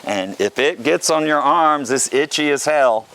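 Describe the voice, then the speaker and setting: A vlog host from the South Carolina Lowcountry chats casually to camera and cracks jokes, with a faint hum and background noise behind him. His voice is slightly high and a bit bright, animated but a little slow.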